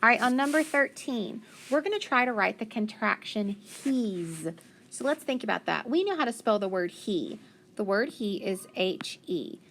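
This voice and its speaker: A woman teaching a phonics lesson to young children, patient and encouraging, sounding words out slowly. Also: on the high side, lively intonation, a bit bright, a little hiss or hum.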